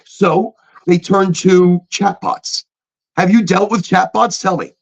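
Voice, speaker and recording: A man's voice: sits high, steady tone, slow pace, vocal fry, lo-fi sound. A man co-hosting a casual podcast, talking emphatically with repeated phrases and mimicking automated phone voices. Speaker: podcast co-host.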